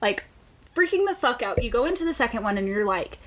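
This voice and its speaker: A woman co-hosts a book podcast with a slightly high voice. She talks in lively casual chat, swears a lot and laughs often. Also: fast. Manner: animated, profane, laughs often. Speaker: podcast co-host.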